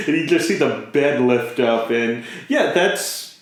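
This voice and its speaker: Animated man recapping, echoey room. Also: a little high, slow pace. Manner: animated, laughs often, acts out characters' lines. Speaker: podcast co-host. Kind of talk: casual anime review chat.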